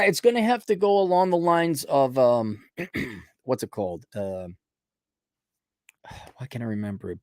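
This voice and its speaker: Man, livestream host, blunt, sarcastic, animated pitch, dry mic. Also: no room sound. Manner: blunt, sarcastic, mocking asides. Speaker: podcast host reading viewer donations. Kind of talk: casual livestream chat.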